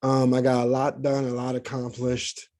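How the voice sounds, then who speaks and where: A man's voice: medium pitch, monotone, normal speed, a little mellow. A man from the USA co-hosting a podcast, laid-back and teasing in casual chat. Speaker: podcast co-host.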